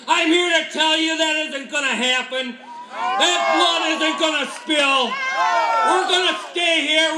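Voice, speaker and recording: A man, a highway worker, giving a fiery shouted speech at an outdoor union rally. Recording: echoey outdoor PA with loud crowd.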